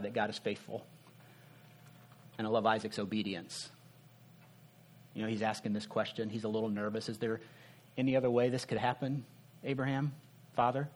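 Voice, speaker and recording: A man preaching a sermon in a conversational way, asking rhetorical questions and dropping his voice softly to make a point. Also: fairly low pitch, slight background noise. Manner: earnest, drops soft for emphasis.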